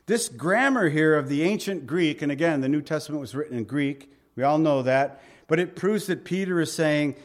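A man's voice: fairly high pitch, animated, moderate pace. A middle-aged male pastor preaching a conversational sermon, often asking his listeners questions. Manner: conversational, asks the congregation questions.

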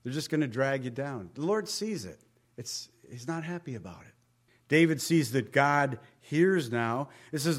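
A man's voice: medium pitch, expressive, moderate pace. A man preaching a conversational sermon in a folksy way, with joking asides and questions to the congregation. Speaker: pastor.

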